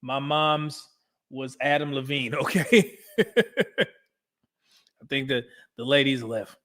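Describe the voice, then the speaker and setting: A man's voice: medium pitch, slow, a bit bright. A man hosting a casual live stream, reacting to old dating show clips, laughing often and reading out chat messages.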